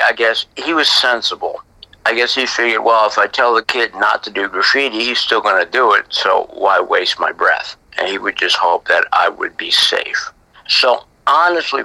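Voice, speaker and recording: A middle-aged man, a graffiti artist, telling stories from his past in a chatty way that often sinks into a breathy whisper. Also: medium pitch, sharp tone, no echo, rough recording. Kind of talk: casual storytelling interview.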